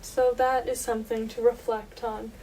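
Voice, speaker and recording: A young woman co-hosts a casual faith podcast, earnest and easygoing as she chats and reads a short scripture passage. Her voice sits a touch high for a woman. She is heard from a little way off the mic, with faint noise behind her. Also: flat delivery, moderate pace, warm tone. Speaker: podcast co-host. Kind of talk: casual faith chat and Bible reading. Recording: voice a bit distant from mic, faint background noise.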